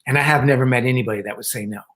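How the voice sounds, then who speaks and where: An older man calmly explaining ideas as a guest on an online panel talk. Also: medium pitch, rapid-fire, low-quality recording. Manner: calm, explanatory, with acted quotes.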